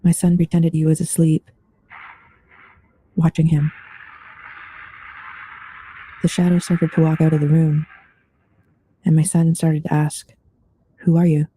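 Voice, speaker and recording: Dark-voiced man reading ghost stories. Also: fairly high pitch, completely flat delivery, moderate pace, pauses often, a little hiss or hum. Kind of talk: scripted true-story narration.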